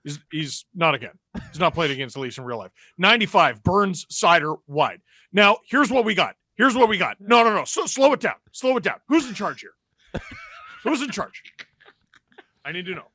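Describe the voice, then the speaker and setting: A man's voice: on the high side, big pitch swings, normal speed, pauses often, bright, forceful tone, full character voice. A man playing a brash male sports TV host, ranting in mock outrage and insulting players during comic play-by-play.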